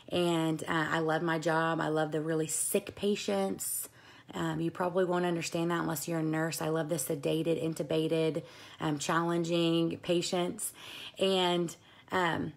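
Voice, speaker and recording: Woman, low gravelly voice, motivational team talk, earnest, emphatic, repetitive. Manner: earnest, emphatic, repeats key phrases. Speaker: direct sales team director.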